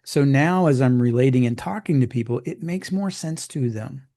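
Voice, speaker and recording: A man's voice: mid-range voice, animated, dark tone. A middle-aged man coaching in casual conversation, chatty and explaining with homely examples. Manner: chatty, acts out clients in quick put-on voices.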